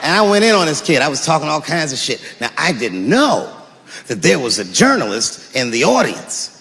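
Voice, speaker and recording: A man doing a stand-up comedy set, animated and shouting his punchlines while acting out characters. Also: on the high side, normal speed, vocal fry, big-room sound.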